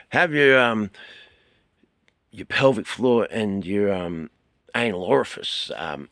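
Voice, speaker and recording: Rambling Australian bloke, low-ish and gravelly, earnest talker with sudden bursts. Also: male voice, a bit bright, no room sound, studio quality. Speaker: host. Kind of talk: rambling spoken talk.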